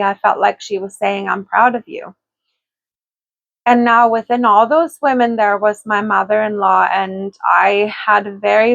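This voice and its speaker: A woman speaks to her viewers in a soft, heartfelt way, often pausing and choked up with tears. Her voice sits at an ordinary middle pitch. The sound is dry and a little muffled, like a home recording. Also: vocal fry, no room sound. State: choked up, tearful. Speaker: spiritual channel host. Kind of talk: personal spiritual talk to viewers.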